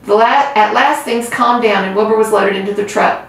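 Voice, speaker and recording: A woman who hosts a reading channel, reading a children's book aloud with gentle storytelling. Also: medium pitch, normal speed. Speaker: reader. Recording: roomy, far from mic.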